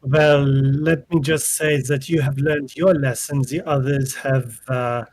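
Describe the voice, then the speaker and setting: A man's voice: medium pitch, fairly even intonation, slow pace, a little mellow, dry recording. A man voicing a haughty wizard who speaks with formal, menacing politeness. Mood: threatening. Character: haughty, courteous male wizard.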